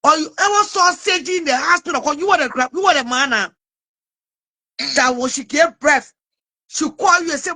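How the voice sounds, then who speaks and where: A woman's voice: high voice, brisk, pushed and bright. A woman, hosting an interview and pressing her guest with probing questions. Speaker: interview host.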